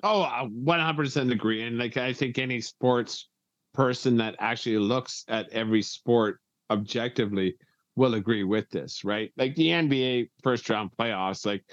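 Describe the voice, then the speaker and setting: A man co-hosting a casual sports podcast, talking in an excitable, profane way and never slowing down. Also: mid-range voice, no echo, dull audio. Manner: excitable, profane, says he can't talk slowly. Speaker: podcast co-host.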